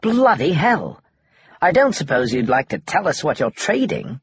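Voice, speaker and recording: A man's voice: on the high side, very animated, a little slow, husky, pitched above the performer's own voice, full character voice. A man voicing a startled male executive with a British accent in an audiobook, exclamatory. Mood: astonished.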